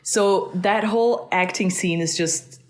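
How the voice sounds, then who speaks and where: A woman's voice: mid-range voice, unhurried. A woman chatting casually as a podcast guest, talking freely, with many fillers and frequent laughs. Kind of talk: casual chat.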